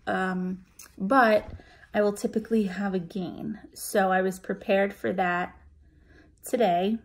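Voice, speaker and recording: A woman vlogger recounts her week to the camera in a casual, chatty way. She talks with plenty of ums and restarts, and her telling is openly emotional. Her voice sits at an ordinary middle pitch. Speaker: vlogger sharing a weight-loss weigh-in.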